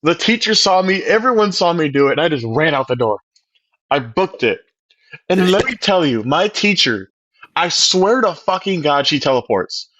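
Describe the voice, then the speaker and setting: A man's voice: on the high side, sing-song, moderate pace, fairly bright tone, dry recording. A young man telling school stories in a casual chat, laughing often and swearing freely. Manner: laughing storyteller, swears a lot. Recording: dull lo-fi sound.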